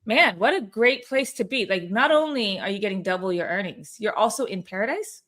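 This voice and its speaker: A woman's voice: mid-range voice, animated, brisk, fairly bright tone. A woman hosting a weekly company call in a casual, upbeat, chatty way, with many fillers and restarts. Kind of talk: casual livestream chat.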